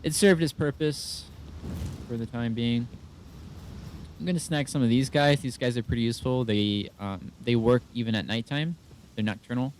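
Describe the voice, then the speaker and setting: A man's voice: medium pitch, normal speed, slight background noise. A man giving casual let's-play commentary, swearing and venting as he talks himself through the game. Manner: frustrated, swears often, talks to himself while playing. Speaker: gaming YouTuber.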